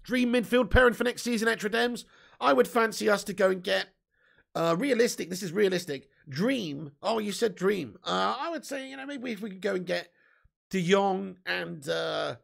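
A man's voice: sits high, creaky, a bit bright. A young man hosting a football fan live stream, chatty and casually swearing while reading out viewer comments. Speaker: football fan channel host.

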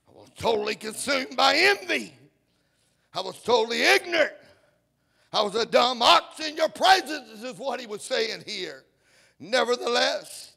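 A pastor preaching a sermon, swinging from quiet reading to shouted, half-sung lines and punctuating his phrases with "uh" and "huh.". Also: high voice, creaky.

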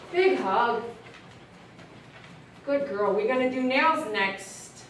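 A woman dog groomer who coaxes a dog softly and chats with viewers as she works. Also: sits high, extremely slow, pauses often, distant mic, a little hiss or hum. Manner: soothing, coaxing talk to a dog, chatty asides to viewers. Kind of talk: livestreamed grooming with running commentary. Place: grooming room. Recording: echoey room, voice a bit off-mic.

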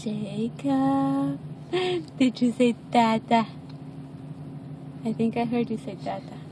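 A woman with a fairly high voice talks in slow, drawn-out baby talk, coaxing and repeating herself in a sing-song way. It is a home video recording with clear background noise and passing traffic behind her. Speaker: mother filming her baby.

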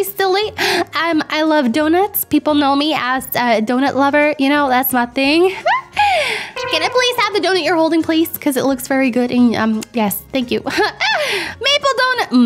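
A young woman who is not a native English speaker, hosting casual gameplay commentary in a bubbly, excitable way with frequent gasps. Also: high voice. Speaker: gaming channel host.

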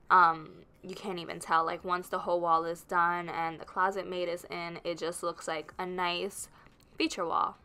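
A woman's voice: lowish voice, creaky, pushed and bright, clear, resonant tone. A pregnant woman vlogger narrating her video in a chatty, rambling way with lots of fillers. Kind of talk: casual voice-over narration.

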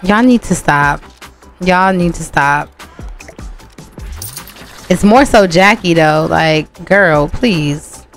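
Woman, casual gameplay commentary, chatty, scolds and coaxes the characters, slightly low voice, soft game music behind. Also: takes it slowly, pauses often. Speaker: game streamer.

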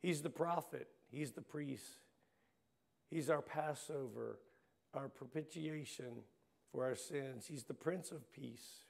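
A man preaching a sermon, building rhythmic lists that swell into loud bursts, with joking asides. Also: a little high, slow pace, creaky. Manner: rhythmic alliterative list, rising to loud bursts.

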